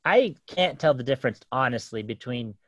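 A man's voice: mid-range voice, expressive, moderate pace, dry recording, dull audio. A man in his thirties casually telling a story about his kids, rambling with lots of fillers and restarts and laughing often.

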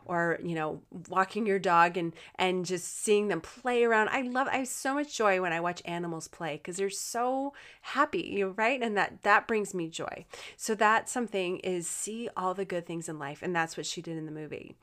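A woman's voice: lowish voice, moderate pace, fairly bright tone. Woman doing a chatty motivational talk, encouraging, talks right to you, lots of ums and restarts. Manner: earnest, encouraging, addresses listeners directly; chatty with frequent fillers and restarts. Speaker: motivational speaker.

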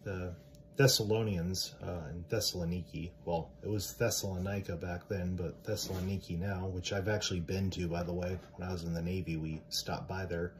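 Deep-voiced male podcaster, earnest and direct, loose rambling delivery. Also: little pitch movement, moderate pace, a little hiss or hum. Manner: rambling, with many fillers and restarts. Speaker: Christian podcaster. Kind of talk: casual religious talk.

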